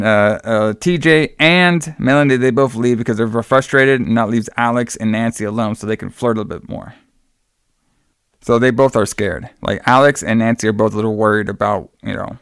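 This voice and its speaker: Gravelly, smooth-voiced man recapping casually. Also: fairly low pitch, brisk, a bit bright, no room sound, clean studio sound. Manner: loose, rambling retelling with acted-out quotes and profanity. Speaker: podcast co-host recapping a film. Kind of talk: casual chat.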